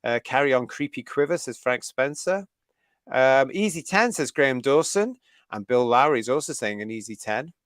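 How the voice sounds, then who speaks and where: A man's voice: medium pitch, animated, moderate pace, a bit bright, no echo, clean studio sound. Chatty British man hosting a live stream. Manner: chatty and enthusiastic, laughing often. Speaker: host of a fan review livestream. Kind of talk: live stream chat, reading viewer comments.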